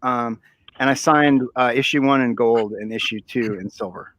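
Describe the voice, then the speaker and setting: Male guest, hesitant halting delivery, dry close sound. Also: mid-range voice, fairly bright tone, no echo. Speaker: comic creator guest. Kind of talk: casual livestream chat.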